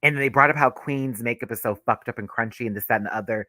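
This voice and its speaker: A man's voice: mid-range voice, quick pace, few pauses, bright, forceful tone, dry recording, clean studio sound. A man giving a live, gossipy reaction review of a drag reality show, talking casually with sassy asides and frequent laughter.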